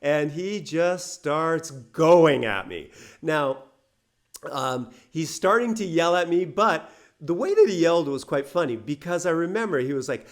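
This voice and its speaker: A man's voice: on the high side, lively intonation, measured pace. A middle-aged man casually telling a personal story to English learners, chatty and laughing between phrases.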